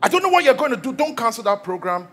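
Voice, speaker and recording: Man, Nigerian accent, pastor, storytelling sermon, high-pitched, soft music in the background. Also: fast. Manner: animated storytelling, jokes with the congregation.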